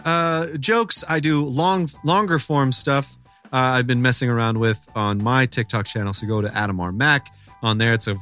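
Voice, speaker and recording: A man's voice: mid-range voice, normal speed, fairly bright tone, smooth, faint music behind. A man hosting a comedy podcast, chatting loosely, laughing and swearing as he signs off. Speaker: podcast host. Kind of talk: casual podcast chat.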